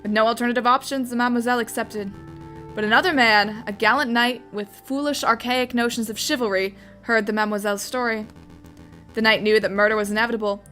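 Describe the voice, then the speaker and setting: A woman voicing a scheming male fox con man posing as a prince, smooth and theatrical. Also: on the high side, fairly bright tone, lightly acted. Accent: put-on Spanish accent.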